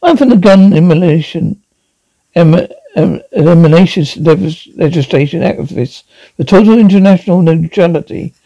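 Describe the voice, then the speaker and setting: A man's voice: high voice, normal speed, warm tone, no echo, highs cut off. A man playing a nervous young door-to-door activist who stammers politely.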